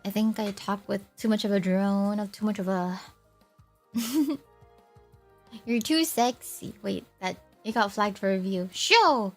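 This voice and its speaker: A woman's voice: mid-range voice, a little slow, a little mellow, faint music behind. A young woman chatting casually on a livestream, rambling, teasing herself and laughing often. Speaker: VTuber streamer.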